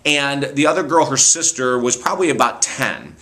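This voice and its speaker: A male motivational speaker spinning funny true stories about kids. He sounds animated and amused, laughing often, with a bright, forward tone. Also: mid-range voice, moderate pace. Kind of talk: storytelling monologue.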